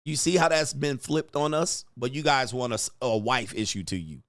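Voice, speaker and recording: Male host, mid-pitch, dry close mic, mocking profane rant style. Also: lively intonation, normal speed, a bit bright, no echo. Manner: blunt, mocking, profane, mimics voices. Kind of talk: casual commentary rant.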